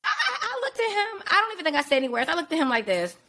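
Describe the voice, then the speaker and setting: A young woman hosting a podcast, telling a story in an animated, profane, casual way. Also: high-pitched, very fast, heavy background noise. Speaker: podcast host.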